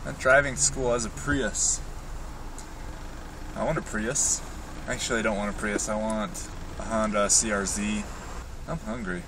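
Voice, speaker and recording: A man's voice: on the low side, expressive, measured pace, vocal fry, long pauses. A young man talking to himself while driving, rambling and joking, recorded from a distance with road noise behind. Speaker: vlogger. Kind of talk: casual talk while driving. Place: in a car.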